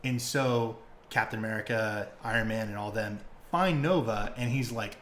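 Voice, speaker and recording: A young man hosting a podcast, retelling stories in casual, excitable chat full of fillers and swearing. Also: lowish voice, moderate pace, few pauses, a little hiss or hum. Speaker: podcast host.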